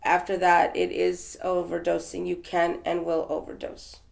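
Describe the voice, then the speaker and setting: Gravelly low-voiced woman from Texas. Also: monotone, moderate pace. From Texas, USA. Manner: rambling, with restarts and fillers. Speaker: interview guest. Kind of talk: casual conversational storytelling.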